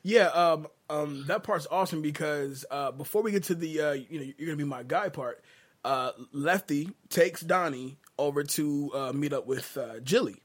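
A man hosting a casual movie podcast, laid-back and quick to laugh, with some swearing. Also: fairly high pitch. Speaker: podcast host.

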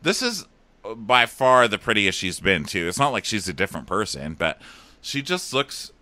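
Animated, bright-voiced male podcast host. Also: fairly low pitch, no room sound. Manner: playful, quick to mimic others. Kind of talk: comedic recap chat.

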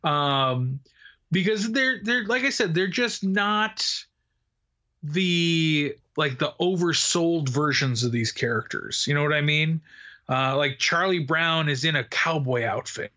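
Chatty bright-voiced man on a lo-fi podcast. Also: a little high, expressive, slow pace. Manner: rambling, laughing, many fillers and restarts. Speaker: podcast co-host. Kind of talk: casual podcast chat.

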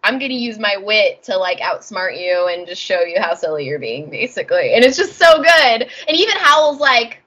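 Podcast co-host, woman, bubbly, bright and breathy tone, acts out the scenes she describes. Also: medium pitch, animated, normal speed, few pauses, lo-fi sound. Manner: bubbly, acts out characters in quoted voices. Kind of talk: casual chat.

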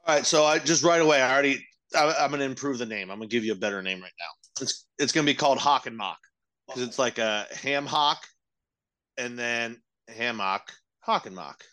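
A man's voice: medium pitch, fairly quick, pushed and bright. A man co-hosting a comedy podcast, telling stories in a laid-back, casual way. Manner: laid-back storytelling with filler words. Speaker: podcast co-host.

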